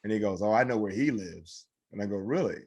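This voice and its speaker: A husky, fairly low man chats on a podcast. He tells stories with energy and slips into the voices of the people he quotes. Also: brisk. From Cleveland. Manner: animated storyteller, acts out quotes. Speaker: podcast co-host. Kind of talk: casual chat.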